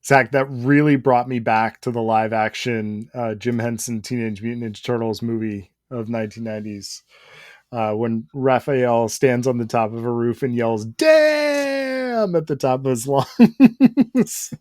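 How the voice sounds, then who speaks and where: Male podcast co-host, relaxed and laughing, dry close-miked sound. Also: mid-range voice, normal speed, dry recording. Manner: easygoing, laughs often. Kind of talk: casual comedic chat.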